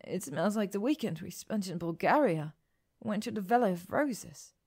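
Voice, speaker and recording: A woman's voice: mid-range voice, expressive, normal speed, a little mellow, slightly rough. A woman voicing an eager, wistful young heroine in an audiobook. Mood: moved.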